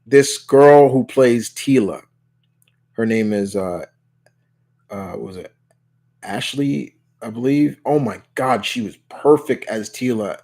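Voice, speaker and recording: A man's voice: medium pitch, slow, warm tone. A man hosting a live Q&A stream in casual chat, reading out viewer questions and answering them in a rambling way, full of restarts. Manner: rambling, many restarts and "you know"s. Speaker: livestream Q&A host.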